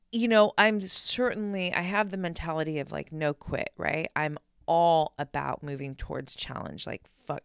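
Young woman podcaster, smooth lowish voice, dry close sound, candid and blunt, talks straight to listeners. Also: dry recording. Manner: candid and energetic, swears freely, addresses listeners directly. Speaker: podcast host. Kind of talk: casual solo podcast monologue.

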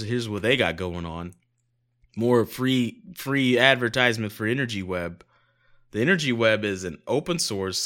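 Reading news pieces aloud on a laid-back podcast, this co-host has a fairly low, somewhat bright voice. He often interrupts himself with sarcastic quips and occasional swearing.

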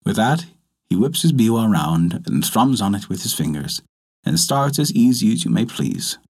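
A man narrating a folktale aloud in an expressive, lilting read-aloud delivery. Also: lowish voice, normal speed, husky. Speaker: storyteller.

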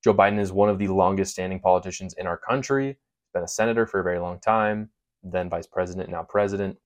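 A man delivers a heated political monologue in a fairly low voice, stressing his points with sarcasm and indignation. He talks straight to his viewers like a commentator building a case. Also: fast. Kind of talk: opinion monologue.

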